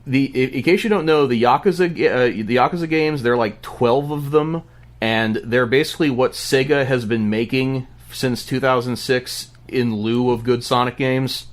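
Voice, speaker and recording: A man telling a story on a podcast in an animated way, with lots of stammering restarts. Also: medium pitch, moderate pace. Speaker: podcast guest. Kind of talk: casual podcast chat.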